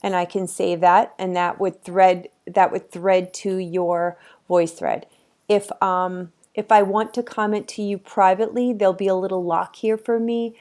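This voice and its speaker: Easygoing woman teacher walking through software. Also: fairly low pitch. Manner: chatty and easygoing, with frequent ums. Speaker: college course instructor. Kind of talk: casual screen-recorded software tutorial.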